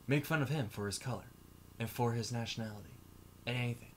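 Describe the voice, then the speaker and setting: Male YouTuber, own voice at a middle pitch, ranting to camera in a heated, swearing, rambling way. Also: expressive, a little fast. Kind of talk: emotional vlog rant.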